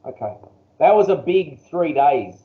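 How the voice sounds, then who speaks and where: Australian man, high voice, easygoing interview chat, muffled roomy call audio. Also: unhurried. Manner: relaxed, chuckles often. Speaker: interview guest, engine builder. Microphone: video call.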